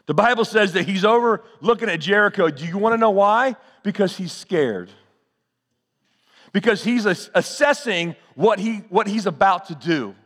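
Preacher guy, kinda high voice, church echo trailing off, asks the crowd stuff back and forth. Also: animated, moderate pace, fairly bright tone. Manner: preacher's call-and-response, rising and falling delivery. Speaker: pastor. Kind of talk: sermon.

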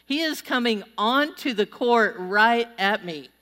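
A woman pastor giving a sermon to a large congregation, telling stories in a lively, conversational way. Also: on the high side, a little slow. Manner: storytelling, animated and conversational. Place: church auditorium before a large crowd. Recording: long reverb of a large hall.

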